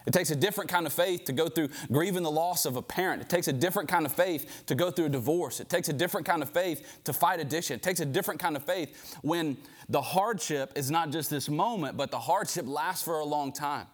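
A man's voice: a little high, fairly quick, hardly any pauses. A man preaching an informal sermon to a men's group in a conversational way, often repeating words, then leading a prayer.

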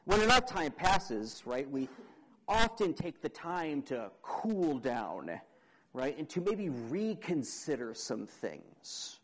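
A young man preaching a sermon, dramatic, asking the audience questions and swinging between loud emphasis and quiet. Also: on the high side, big pitch swings, takes it slowly, slightly rough, poor audio.

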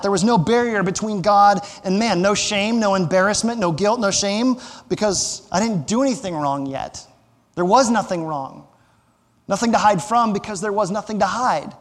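A pastor with a high voice preaching a sermon. He talks to the congregation like a conversation, poses rhetorical questions and slips in small jokes. His voice rings through the long reverb of a large church hall. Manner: light humor.

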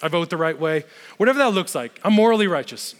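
A smug, resentful older brother lists his own virtues in a complaining tone, voiced by a preaching man. The voice sits high, and a long reverb from a large hall trails after it. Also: animated, fast talker, natural voice.

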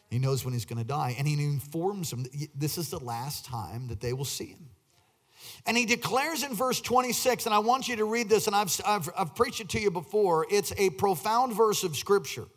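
High-voiced preaching man, animated. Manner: animated preaching, shifting between quiet asides and loud bursts; asks the congregation questions. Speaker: pastor. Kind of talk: sermon.

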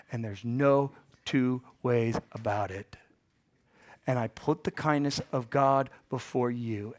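A man in his forties, hoarse from a bout of bronchitis, preaches to his congregation. He mixes playful asides with loud, emphatic peaks. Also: medium pitch. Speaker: pastor. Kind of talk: sermon.

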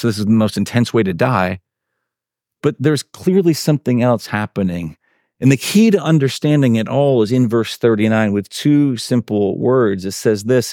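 Darkish in tone, a pastor delivers a chatty sermon packed with fillers and tag questions, voicing the quotes he shares with dramatic swings in pitch. The sound is clean studio audio with no echo.

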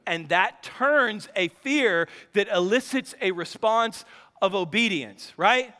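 Man, pastor, sermon, high bright voice, animated storytelling, reverberant hall. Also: measured pace. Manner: animated storyteller, laughs often, voice jumps high when excited.

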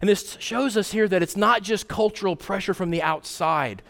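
Man, pastor preaching, fairly high voice, animated delivery, long hall echo. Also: normal speed, vocal fry. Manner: animated, conversational preaching with sudden pitch jumps. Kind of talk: sermon.

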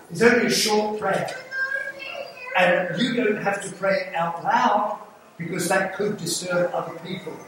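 Older English evangelist in an echoing church. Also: male voice, high-pitched. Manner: earnest, pleading, with light humour. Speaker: visiting evangelist. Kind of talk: evangelistic sermon with altar call. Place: church sanctuary. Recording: echoey church from a distance, noisy.

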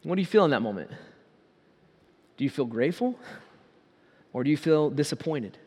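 Very animated, this pastor preaches in a fairly high voice that's a little mellow and slightly rough. He peppers the congregation with rhetorical questions and slows down to drive points home, his words echoing with long reverb as in a big church hall.

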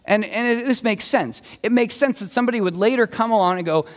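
Lively high-voiced man preaching in a hall. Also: quick pace, few pauses. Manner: animated storytelling, acting out voices of scribes. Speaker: pastor. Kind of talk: sermon. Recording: long reverb of a large hall.

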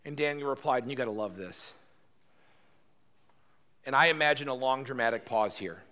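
Brief: pastor, conversational sermon, bright forceful tone. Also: male voice, medium pitch, moderate pace, pauses often. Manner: animated, conversational storytelling.

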